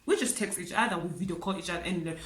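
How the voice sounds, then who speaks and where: A South African woman talks straight to camera, her slightly low voice halting and tearful as she circles back over her words. She fills the gaps with "like" and "guys", and the room around her rings with echo. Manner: tearful, halting, repeats herself, fillers like "like" and "guys". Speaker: vlogger. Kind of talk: emotional storytelling to camera.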